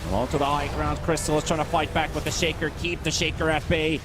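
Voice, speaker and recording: A man calling a live video game match as play-by-play caster, his voice climbing and getting louder in the fights. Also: flat delivery, background noise. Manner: rapid calls that climb in pitch and volume during fights.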